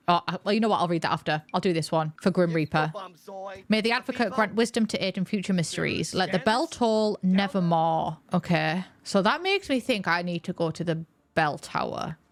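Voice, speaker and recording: A woman giving chatty, excitable let's-play commentary, thinking aloud as she plays. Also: lowish voice. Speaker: gaming video creator.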